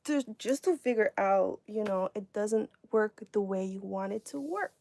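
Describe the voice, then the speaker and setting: A woman's voice: mid-range voice, a little slow, vocal fry, darkish tone. A woman talking to viewers on a live stream, mocking and sarcastic, sometimes dropping to a whisper. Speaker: livestreamer.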